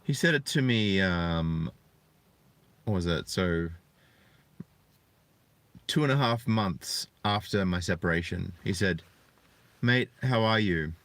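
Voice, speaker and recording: A man in his thirties talking earnestly and reflectively to viewers on a live stream, often halting to find his words. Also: low-pitched, lively intonation, a bit bright, no echo. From Australia. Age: 30s. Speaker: channel host. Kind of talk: live-streamed personal talk.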